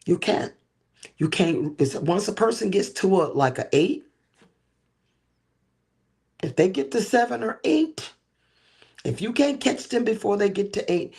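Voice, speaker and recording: A man's voice: high-pitched, big pitch swings, a little slow, vocal fry, pauses often, darkish tone, husky. A man hosting a livestream teaching talk, with a preacher-like cadence, drawing out key words and checking in with listeners. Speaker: host.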